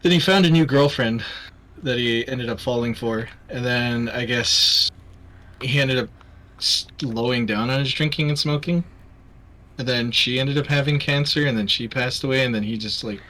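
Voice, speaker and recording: A young Canadian man with a mostly Americanized accent and a bright, forward tone. He chats casually on a livestream, rambling through his thoughts with many fillers and restarts, and he sits at middling pitch for a man. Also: fairly even intonation, normal speed. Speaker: livestream host. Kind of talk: casual chat.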